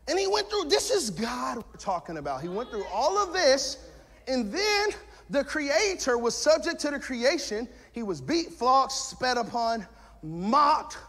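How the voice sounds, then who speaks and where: High-voiced man preaching in a hall. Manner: preaching with shouted emphasis and jokes. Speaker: pastor. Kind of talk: sermon. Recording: long hall reverb.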